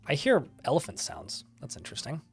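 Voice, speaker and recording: A man's voice: medium pitch, huge pitch swings, a little fast, vocal fry, faint music behind. A man giving casual live gameplay commentary, chatting, reading game text aloud and swearing casually. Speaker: game streamer.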